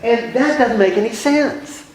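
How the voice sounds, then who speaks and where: A man's voice: very high-pitched, expressive, measured pace, a little mellow. A man leading a Bible study class in a chatty, playful way, acting out little scenes for his listeners. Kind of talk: casual Bible class lecture. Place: room with a class. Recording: echoey room.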